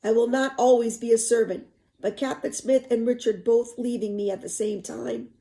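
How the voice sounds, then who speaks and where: A woman reading a novel aloud, pausing to explain passages in softer asides. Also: a little high, steady tone, creaky, low-quality recording.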